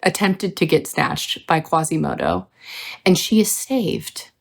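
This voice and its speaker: Gravelly, low-voiced woman ranting casually. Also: measured pace. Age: young adult. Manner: ranting, profane, animated. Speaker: book review host. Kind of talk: casual video essay.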